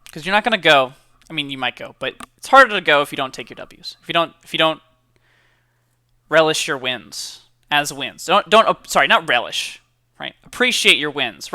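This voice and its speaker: A man's voice: fairly high pitch, pushed and bright, no room sound, clean studio sound. A young man, a college student, chatting casually and upbeat to camera, with lots of fillers and repeated words. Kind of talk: casual motivational chat to camera.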